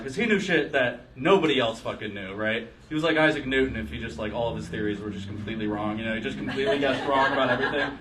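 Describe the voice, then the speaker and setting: A man's voice: mid-range voice, a bit bright, far from the mic. A young man doing a rambling, crude stand-up comedy set in a bar, often laughing at his own jokes. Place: bar stage with a live audience.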